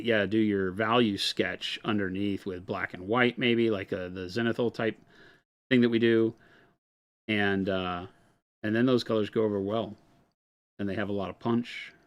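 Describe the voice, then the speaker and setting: Low-ish guy on a live painting stream, rambly and relaxed, lots of ums and you-knows. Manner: relaxed, rambling explanations with many fillers. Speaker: painting host answering viewer questions. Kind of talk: live-stream hobby chat.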